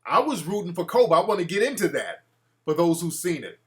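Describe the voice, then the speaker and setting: A man's voice: sits high, very animated, a little fast, a bit bright. A man hosting a casual call-in show, talking in a brash, profane way and reacting to his live chat. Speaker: talk show host.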